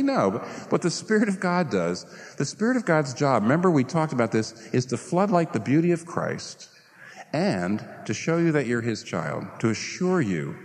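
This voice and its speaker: A man preaching a sermon, firing off rhetorical questions and acting out the voices people use in their heads. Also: mid-range voice. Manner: animated, rhetorical questions, acts out inner voices. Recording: long reverb of a large hall.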